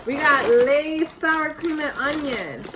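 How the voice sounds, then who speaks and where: High-voiced giggly woman vlogger. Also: slow pace, background noise. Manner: giggly, laughs between words. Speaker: vlog host. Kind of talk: casual chat with a friend.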